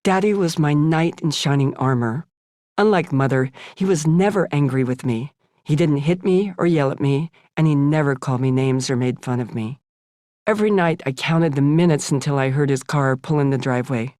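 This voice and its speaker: A woman's voice: sits low, darkish tone, no room sound. A woman in her seventies from the United States, reading her own memoir aloud in a frank, sardonic audiobook style on a studio microphone. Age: 70s. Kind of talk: audiobook narration.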